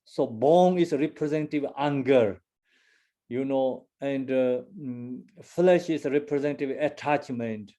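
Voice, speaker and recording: Slow, mellow-voiced man teaching dharma. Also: medium pitch. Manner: halting, many fillers and restarts; non-native English phrasing. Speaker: Buddhist teacher.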